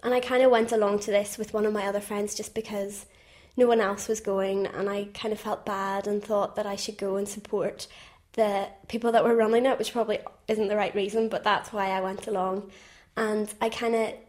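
A woman's voice: mid-range voice, little pitch movement, brisk, darkish tone. A young woman giving a personal testimony in an interview, speaking casually and thoughtfully.

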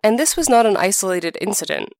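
A woman narrating a folk tale and explaining folklore, acting out the characters' lines in a lively way. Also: mid-range voice, quick pace, dry recording, studio quality. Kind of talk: storytelling narration.

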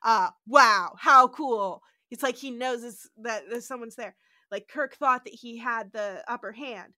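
A woman hosting a podcast in casual chat, animated as she recaps a TV episode and acts out lines. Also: on the high side, measured pace, no echo, studio quality. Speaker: podcast host.

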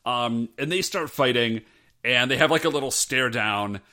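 Bright-voiced guy gushing about a show, acts out the lines. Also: medium pitch, moderate pace. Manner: animated, acts out quoted lines. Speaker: podcast co-host. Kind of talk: casual chat recapping a show.

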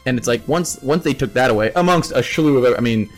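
A man's voice: mid-range voice, expressive, fast talker, faint music behind. A man co-hosting a casual podcast, rambling with repeated words and restarted sentences. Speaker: podcast co-host. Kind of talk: casual chat.

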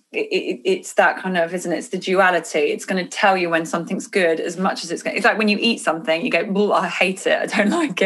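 A woman author talking casually about intuition and energy in an earnest, animated way on a podcast. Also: on the low side. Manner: earnest, animated, drifts into quoted inner voices.

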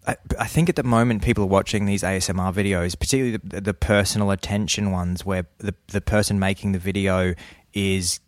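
A man in casual conversation, acting out quoted voices in a hushed whisper. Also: deep voice, steady tone, brisk, hardly any pauses, dry recording, clean studio sound. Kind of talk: casual chat.

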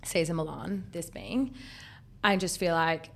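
A young Australian woman in casual chat, telling a story with lively acted-out quotes. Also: a little slow, gravelly. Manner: animated storyteller, acts out quotes with high squeals. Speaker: guest.

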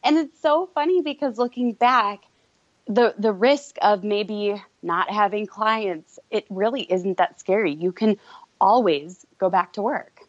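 A woman guest telling her story in a candid, quick-talking way. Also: mid-range voice, no echo. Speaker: guest entrepreneur. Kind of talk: casual interview chat. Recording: dull lo-fi recording.

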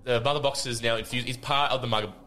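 A man's voice: medium pitch, steady tone, fast talker, sharp tone. A man, hosting a casual podcast, joking and teasing his co-hosts and laughing often. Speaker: podcast host.

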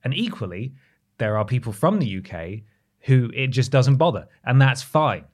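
A man from the UK, talking in a casual podcast chat, animated and often correcting himself mid-sentence. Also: mid-range voice, moderate pace. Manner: talkative, animated, self-correcting.

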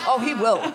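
Animated woman telling a comic story. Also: very noisy. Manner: animated, acts out quoted voices. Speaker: podcast co-host. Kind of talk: live comedy storytelling. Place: live theatre show.

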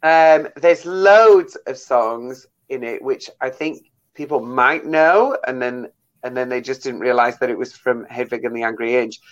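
Enthusiastic actor guest, chatty with fillers, lo-fi sound. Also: male voice, medium pitch, a little slow. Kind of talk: casual radio interview chat.

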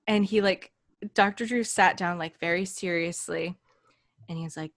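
A woman co-hosting a podcast, telling anecdotes in an animated, unhurried way in casual chat. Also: lowish voice, no echo, clean studio sound. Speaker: podcast co-host. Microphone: studio microphone.

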